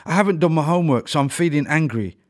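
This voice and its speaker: A man voicing an angry young girl who shouts and snaps. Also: on the high side, expressive, fast, pitched above the performer's own voice, lightly acted. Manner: shouting, snappish.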